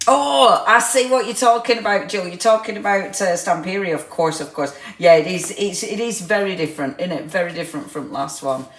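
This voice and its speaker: Lady doing a craft livestream, lowish voice, laughing and teasing viewers, echoey room. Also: fairly quick, few pauses. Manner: chatty, laughs often, teasing. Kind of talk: casual live chat with viewers.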